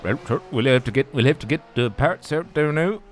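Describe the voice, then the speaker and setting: A man's voice: medium pitch, animated, brisk, faint music behind, pitched above the performer's own voice, close to an everyday voice. A man voicing an old-time male pit mechanic with a West Country accent, bossy and rustic.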